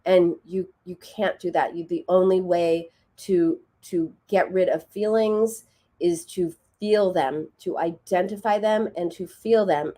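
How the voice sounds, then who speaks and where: A woman's voice: lowish voice, warm tone. A middle-aged woman hosting a radio advice show, explaining patiently and acting out quoted dialogue. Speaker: radio show host and therapist.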